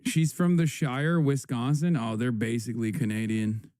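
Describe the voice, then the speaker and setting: A man's voice: mid-range voice, level tone, moderate pace, darkish tone, dry recording, studio quality. A man live streaming, giving casual, sarcastic commentary on clips and swearing a lot.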